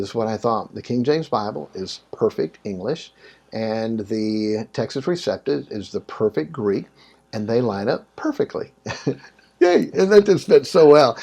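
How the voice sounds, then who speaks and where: A man speaking in a casual interview conversation, telling stories in an animated way with sudden jumps in pitch.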